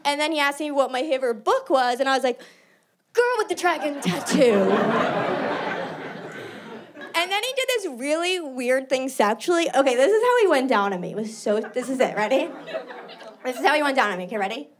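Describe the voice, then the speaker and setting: A young woman from New York City doing stand-up, animated and self-mocking. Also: high voice, fast talker, crowd noise. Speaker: stand-up comedian. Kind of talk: stand-up comedy.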